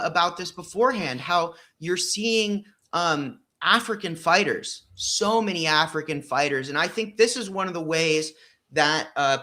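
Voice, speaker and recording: Bright, emphatic man in casual talk. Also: on the high side. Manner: emphatic, profane, many fillers. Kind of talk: casual discussion.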